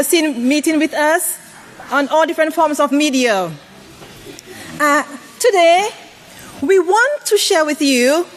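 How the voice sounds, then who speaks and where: A woman preaching a sermon, putting questions to the congregation and asking them to call out their answers. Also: slight background noise. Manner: varies pitch widely for emphasis.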